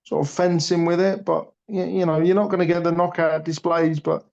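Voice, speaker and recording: A man's voice: a little high, flat delivery, moderate pace, vocal fry, a little mellow. Blunt, passionate man, lo-fi sound. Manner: blunt, passionate, swears freely. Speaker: boxing pundit. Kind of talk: casual podcast chat. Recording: dull lo-fi audio.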